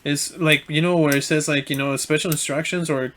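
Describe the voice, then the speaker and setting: A young man co-hosting a podcast, telling a story in a relaxed way with many fillers and restarts. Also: a little high, a little fast, slight background noise. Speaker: podcast co-host. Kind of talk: casual storytelling chat.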